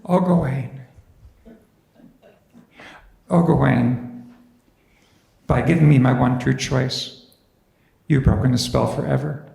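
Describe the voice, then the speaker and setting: A man storyteller voicing an enchanted noble lady, soft and earnest, recorded in an echoey church hall. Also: mid-range voice, steady tone, takes it slowly, gravelly, pauses often. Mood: tender.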